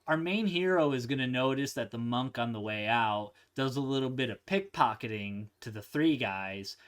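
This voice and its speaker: Male movie host, mid-pitched, chatty recap style with playful character voices. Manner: animated, laughs, acts out quotes in silly voices. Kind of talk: casual film recap.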